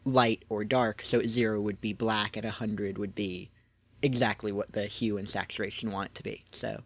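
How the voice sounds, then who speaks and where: A man's voice: on the low side, flat delivery, normal speed, a bit bright. A man co-hosting a podcast in casual chat, explaining things with hesitant restarts. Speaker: podcast co-host.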